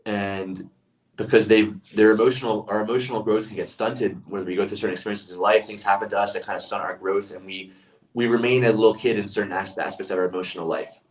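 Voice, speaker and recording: A man's voice: lowish voice, fairly even intonation, quick pace, far from the mic, poor audio. A man speaking as a leadership speaker in a casual monologue, telling stories earnestly and often restarting his phrases.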